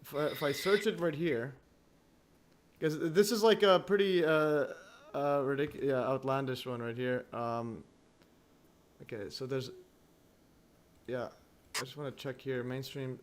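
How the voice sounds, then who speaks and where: A man hosting a livestream in casual chat, halting and full of restarts, chuckling often as he talks. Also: medium pitch, a little hiss or hum. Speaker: livestream host.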